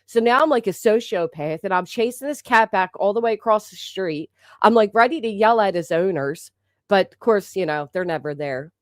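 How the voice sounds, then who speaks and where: A woman's voice: medium pitch, expressive, normal speed, dry recording, studio quality. Blunt, foul-mouthed woman streamer. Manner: rambling, profane, with many restarts. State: sore throat. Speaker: livestream host. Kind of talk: casual livestream chat reading out member shout-outs.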